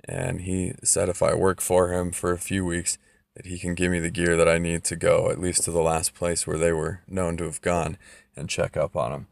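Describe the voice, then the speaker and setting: A man's voice: deep voice, flat delivery, moderate pace, gravelly, dry recording. A man casually recapping a story, loose and profane, with lots of fillers.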